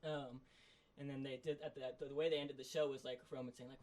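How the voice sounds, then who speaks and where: A man co-hosting a podcast, excitedly recapping a story in a loose, rambling way full of fillers. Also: medium pitch, fast. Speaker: podcast co-host. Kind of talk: casual chat.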